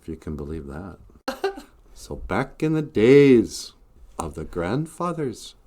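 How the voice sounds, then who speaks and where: A man hosting and telling a folk tale in a laid-back, comic way with frequent chuckles and pauses. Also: fairly low pitch, big pitch swings, dark tone. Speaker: storyteller host. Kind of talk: folksy comic storytelling.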